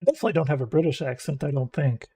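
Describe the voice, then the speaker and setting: A man's voice: fairly high pitch, lively intonation, racing, mellow, slightly rough, poor audio. A young American man with a mild Florida, Midwestern-tinged accent, musing aloud in casual game commentary. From United States. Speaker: gaming streamer.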